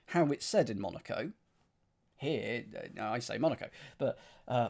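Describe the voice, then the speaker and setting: Slow, musing man reading puzzle clues. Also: mid-range voice, expressive, vocal fry, a little mellow. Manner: reads clues aloud and muses over the wordplay. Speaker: streamer solving a crossword. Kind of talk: thinking aloud while solving.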